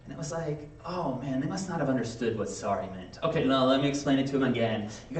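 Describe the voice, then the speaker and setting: A man preaching a sermon in a casual, conversational way, acting out quick playful asides. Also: mid-range voice, expressive, a little hiss or hum. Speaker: pastor. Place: church sanctuary. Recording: echoey room, mic from a distance.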